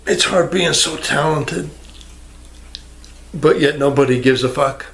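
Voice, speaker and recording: Gravelly, rambling man ranting to camera. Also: fairly high pitch, unhurried, fairly bright tone, slight background noise. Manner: rambling, crude, self-mocking, talks to the viewer. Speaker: YouTuber. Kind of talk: rambling casual vlog monologue. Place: indoors at home, near a fish tank. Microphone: camera microphone.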